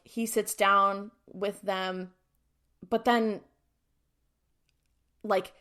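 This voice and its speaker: Woman co-host casually recapping a TV episode. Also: medium pitch. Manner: retells scenes acting out each character's lines, with constant "like". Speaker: podcast co-host.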